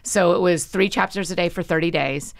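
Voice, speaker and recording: A woman guest on a podcast, chatting casually and telling stories with animated energy and quick asides. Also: fairly low pitch, vocal fry. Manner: frequent laughs and quick asides. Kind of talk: casual conversation.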